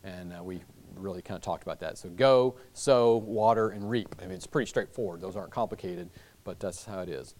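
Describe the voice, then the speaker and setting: A man's voice: low-pitched, fairly quick, a little mellow. A man teaching a church Bible class, talking loosely with many fillers and restarts.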